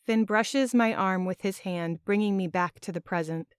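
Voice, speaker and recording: A woman narrating a first-person audiobook in an expressive, emotional storytelling manner. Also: mid-range voice, normal speed, clean tone, dry recording. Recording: dry, close studio sound.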